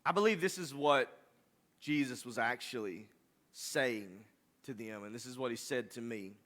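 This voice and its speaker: Bright-voiced preacher. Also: male voice, medium pitch, moderate pace. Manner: builds to impassioned, emphatic preaching. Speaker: pastor. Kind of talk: sermon.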